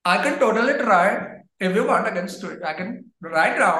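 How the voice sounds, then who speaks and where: A man chats animatedly as an interview guest and keeps the story moving with frequent fillers. His voice sits on the higher side, and the recording has a roomy echo. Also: lively intonation, moderate pace, few pauses, sharp tone. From Brazil. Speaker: guest, language educator. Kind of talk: casual interview chat.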